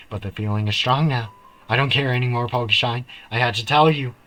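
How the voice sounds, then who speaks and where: A man's voice: medium pitch, a bit bright, natural voice, poor audio. A man reading aloud the lines of an obsessive young woman confessing her love in a game, with an intense, pleading delivery.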